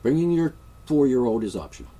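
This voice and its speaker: A man's voice: mid-range voice, sing-song, brisk, warm tone, distant mic. A man vlogging a rambling comic monologue, joking in a mock-royal tone.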